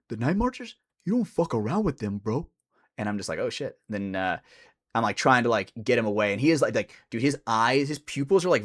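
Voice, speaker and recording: Animated young man telling a story. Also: medium pitch. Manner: animated, swearing, acts out quoted voices. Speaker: podcast co-host. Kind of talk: casual storytelling.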